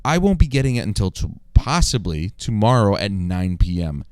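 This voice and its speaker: Low, resonant man telling stories. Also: sing-song, moderate pace, a little mellow, smooth, no room sound. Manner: storytelling with wry complaints and laughter. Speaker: podcast co-host. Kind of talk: casual gaming chat. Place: in-person podcast room.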